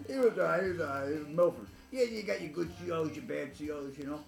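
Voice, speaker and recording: A man's voice: a little high, lively intonation, brisk, gravelly, faint music behind. A man telling rambling, blunt stories to the camera, swearing constantly and laughing at his own tales. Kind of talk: rambling profane storytelling. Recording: echoey room.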